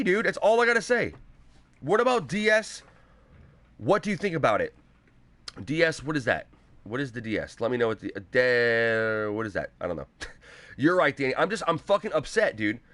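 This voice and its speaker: A man hosting a live gaming show on a headset mic, ranting angrily with constant swearing and bursts of shouting. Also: fairly high pitch, dry recording. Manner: angry, profane, shouting at times.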